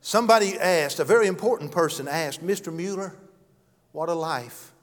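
A man preaching a sermon and telling stories, earnest, swinging from loud to hushed. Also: on the high side, normal speed. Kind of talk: sermon with storytelling. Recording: long hall reverb.

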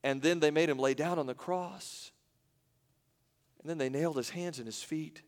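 A man preaching a sermon, pitched a little high, who swings between raised, driving emphasis and near-hushed quiet. His voice rings out into a big, reverberant hall. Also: normal speed. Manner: dramatic, swings from loud to hushed. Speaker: pastor.

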